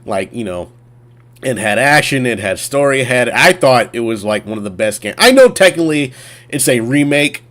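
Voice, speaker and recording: A man's voice: medium pitch, animated, moderate pace, a bit bright. Rambling man chatting about games. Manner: rambling, full of fillers and restarts. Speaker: gaming streamer. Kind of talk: casual chat.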